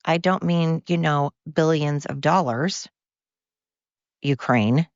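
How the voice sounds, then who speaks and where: A tired American podcast host rambles through a casual monologue, cursing freely and drifting from tangent to tangent. The voice has a gravelly texture. The recording is dry and dull, with a muffled lo-fi sound. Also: mid-range voice, slow pace, no room sound. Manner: rambling, profane, goes off on tangents. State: tired from overwork.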